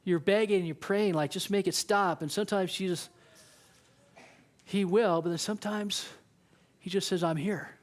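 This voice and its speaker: A man's voice: high-pitched, fairly even intonation, normal speed, pauses often. A man preaching a casual, conversational sermon, often acting out what people in the story say. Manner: conversational preaching, acts out quoted voices. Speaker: youth pastor.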